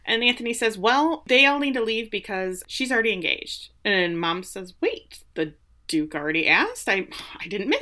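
Bright-voiced woman, wry recap chat. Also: mid-range voice. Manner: wry, sarcastic narration with mock voices for characters. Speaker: podcast co-host. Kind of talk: casual chat recapping a TV episode.

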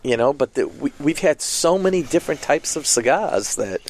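Animated storyteller man, lively pitch. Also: moderate pace. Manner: animated storyteller, acts out voices in quotes. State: recovering from a cold. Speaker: co-host of a cigar podcast. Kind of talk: casual chat and storytelling.

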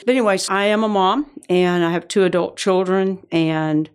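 A woman's voice: fairly low pitch, moderate pace, smooth. A woman in her sixties with a Georgia Southern accent, chatting as a podcast guest in a folksy, self-deprecating way. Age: 60s. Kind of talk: casual chat.

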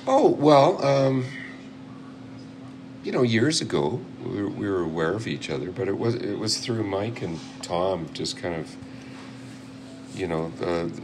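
A man in his fifties, a guest musician chatting casually in an interview, rambling and self-deprecating. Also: low-pitched. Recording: noisy recording.

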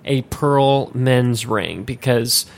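A man's voice: medium pitch, extremely slow, creaky. A man co-hosting a casual podcast chat, rambling with many restarts and laughing easily. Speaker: podcast co-host.

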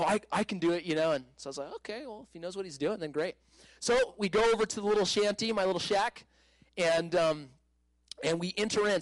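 Man, higher voice, dry close sound, animated casual testimony with laughs and restarts. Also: no echo, poor audio. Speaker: speaker telling a personal testimony.

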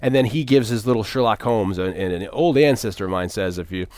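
A man's voice: lowish voice, brisk, a little mellow, dry recording. Rambling man in a dry room. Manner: rambling, many fillers and restarts, swearing. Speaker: podcast co-host. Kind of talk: casual movie discussion.

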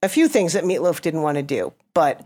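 A woman comedian, a guest on a podcast, talking casually. Her pitch swings widely as she jokes and tells stories, and she sounds lively and animated throughout. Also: a little fast. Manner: animated, jokey, lively storytelling.

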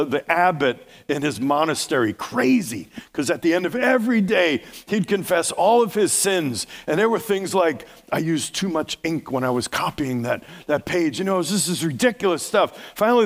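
A man in his fifties preaches to his congregation, chatting easily and teasing the crowd before surging into loud, emphatic peaks. His mid-pitched voice rings through a large church hall with a long reverb tail. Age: 50s. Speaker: pastor. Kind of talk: sermon.

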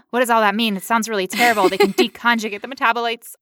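A woman's voice: fairly high pitch, fast, fairly bright tone, no echo, studio quality. A woman co-hosting a health podcast, teasing her partner and acting out silly bits. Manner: jokey, teasing, acts out silly scenes. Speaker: podcast co-host. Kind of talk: playful health chat.

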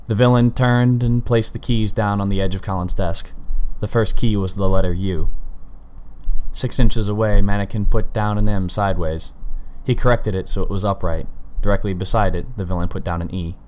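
A man narrating a story with measured, steady storytelling. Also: deep voice.

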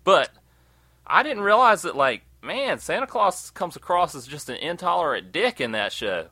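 A man in casual, profane chat, telling animated stories and acting out quotes. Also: fairly high pitch, moderate pace, no room sound. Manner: animated storyteller, swears often, acts out quotes.

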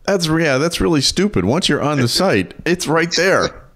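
A man's voice: fairly high pitch, very animated, normal speed, a bit bright. A man co-hosting a casual comedy podcast, wisecracking, laughing often and teasing playfully. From Illinois. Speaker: podcast co-host.

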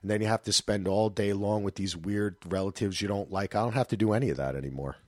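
A man in his thirties hosting a podcast, chatting casually and loosely, with animated asides. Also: lowish voice, quick pace, dry recording, studio quality. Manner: loose, rambling, breaks into animated voices for anecdotes. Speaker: podcast host.

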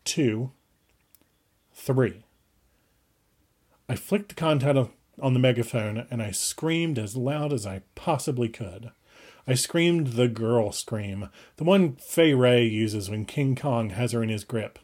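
A man's voice: medium pitch, animated, unhurried, a little mellow. Man narrating a story with urgent drive. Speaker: audiobook reader. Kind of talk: first-person fiction narration.

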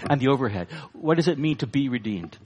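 Preacher guy giving a sermon, lively swoopy voice, big echoey hall. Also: quick pace, slight background noise. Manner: emphatic, rising to high bursts then dropping low for weight. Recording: long hall reverb.

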